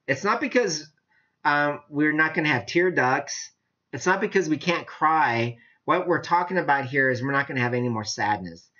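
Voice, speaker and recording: Animated, chatty male preacher. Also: mid-range voice. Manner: animated, chatty, laughs often. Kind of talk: casual sermon teaching. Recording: dull lo-fi sound.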